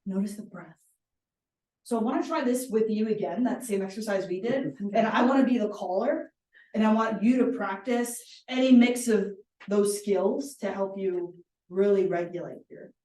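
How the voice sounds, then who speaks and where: A woman facilitating a workshop. She leads calm guided exercises and often checks in with a questioning "right?". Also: mid-range voice, normal speed. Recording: roomy sound from a distant mic.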